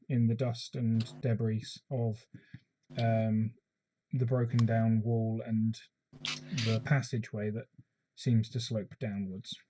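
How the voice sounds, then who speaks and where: A man running a tabletop game as game master, halting with many pauses and restarts. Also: medium pitch, darkish tone, slight background noise, low-quality recording.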